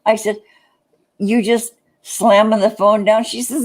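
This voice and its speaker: A woman's voice: mid-range voice, little pitch movement, unhurried, a little mellow. A woman in casual chat, rambling through an anecdote with many restarts. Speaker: live stream chat participant.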